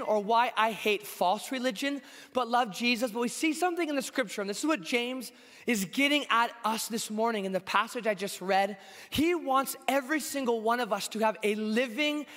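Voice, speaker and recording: Hoarse young preacher with a high voice. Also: male voice, normal speed, fairly bright tone, in a large hall. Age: 20s. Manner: conversational, earnest, with frequent fillers. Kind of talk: sermon. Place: church.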